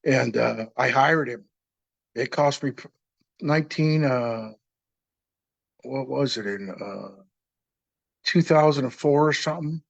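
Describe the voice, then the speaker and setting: A man's voice: mid-range voice, slow, gravelly, long pauses, no echo. A man in his sixties casually telling his own story, plain-spoken and rambling, acting out remembered conversations.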